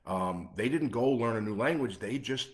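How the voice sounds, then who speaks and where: A man's voice: medium pitch, lively intonation, moderate pace. A man from the Midwest with a Chicago accent, speaking live as an anxiety coach in an emphatic talk built on punchy, repeated lists.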